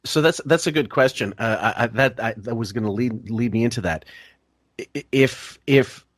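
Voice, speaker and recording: A man's voice: mid-range voice, normal speed, no room sound, clean studio sound. A man hosting a podcast, talking casually with lots of stammering and restarts. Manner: stammering, many fillers and restarts. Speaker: podcast host.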